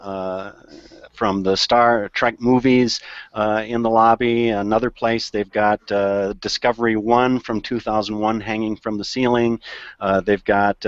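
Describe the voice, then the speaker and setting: A man's voice: fairly low pitch, clean tone, dry recording. A man, a journalist on a panel, describing things at length and hesitating with many fillers. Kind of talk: casual panel chat. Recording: dry, dull call audio.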